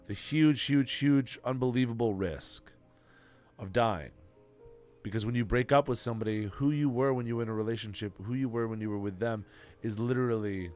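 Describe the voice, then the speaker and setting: At a normal speed, a man with a medium-pitched, slightly mellow voice streams to his chat. He gives heartfelt advice earnestly and emotionally, swearing freely and repeating himself. Faint music plays in the background.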